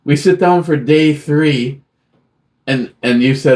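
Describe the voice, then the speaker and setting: A man's voice: fairly high pitch, takes it slowly, darkish tone. A man co-hosting a casual beer show, recounting stories in an easygoing way with bursts of quoted exclamations. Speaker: co-host of a beer review show. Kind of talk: casual banter, storytelling.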